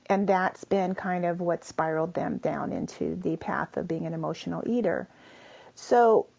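A woman's voice: on the low side, moderate pace, vocal fry, a little mellow, highs cut off. A woman interviewer setting up a question thoughtfully, step by step.

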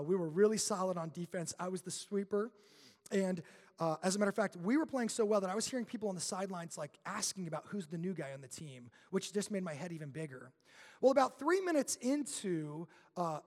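A young adult man preaches in a church sanctuary, his voice sitting high for a man. He tells stories with animation, building tension and then dropping low and quiet. His words ring out with a long reverb trailing behind them. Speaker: pastor. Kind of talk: sermon.

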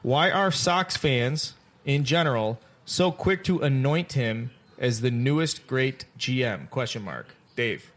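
A man's voice: mid-range voice, expressive, slow, few pauses, fairly bright tone. A man hosting a casual sports podcast, brash and teasing, who swears freely. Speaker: podcast host.

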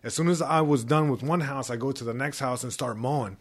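A man's voice: mid-range voice, a little fast. A man telling a profane, laughing story in casual chat, acting out what others said. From Mexican-American family. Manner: profane, laughing, acts out quotes. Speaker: storyteller guest.

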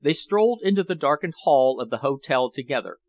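Male audiobook narrator, measured, mid-pitched. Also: lively intonation, no room sound. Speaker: audiobook reader. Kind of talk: scripted narration.

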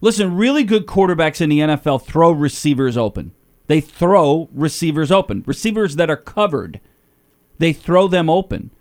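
A man's voice: a little high, sing-song, moderate pace, a little mellow. A man hosting a sports talk radio show, giving emphatic, opinionated takes.

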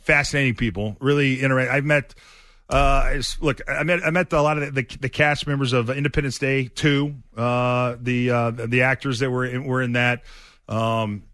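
A man's voice: medium pitch, fairly even intonation, moderate pace, fairly bright tone, no echo, clean studio sound. Rambling male sports radio host. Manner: rambling, many fillers and restarts. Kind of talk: casual sports talk storytelling.

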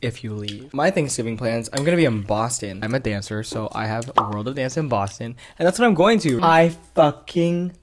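Low-voiced teasing young woman. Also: lively intonation, fairly quick, few pauses, background noise. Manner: teasing, joking, blunt. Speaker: podcast co-host. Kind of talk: casual chat.

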